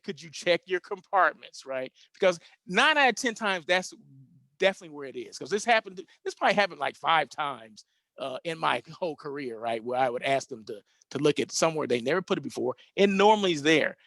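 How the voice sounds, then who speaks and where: Chatty male host, higher-pitched, dry sound. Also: animated, fairly quick, creaky, pushed and bright, dry recording. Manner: rambling, self-correcting, chatty. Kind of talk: casual storytelling monologue.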